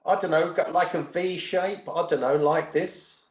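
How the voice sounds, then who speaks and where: Male medium giving readings, slightly high voice, echoey home room, keeps asking if you follow. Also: fairly even intonation, unhurried. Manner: chatty, checks in with the sitter often. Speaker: spiritual medium. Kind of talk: giving readings at a spiritual service.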